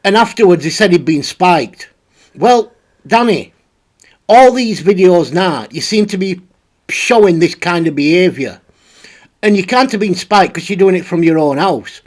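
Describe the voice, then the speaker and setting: Blunt commentary host. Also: male voice, high voice, animated, measured pace. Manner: rambling, blunt, with frequent restarts. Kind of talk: casual spoken commentary.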